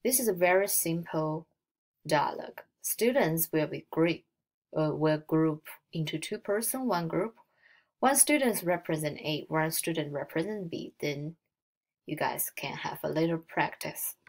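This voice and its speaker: A young woman with a Mandarin accent, a native Mandarin speaker, walks beginners through a recorded language lesson. She talks slowly and explains step by step, modelling each tone aloud. Her low voice has a gravelly edge. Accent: Mandarin Chinese. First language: Mandarin Chinese. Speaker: Mandarin teacher.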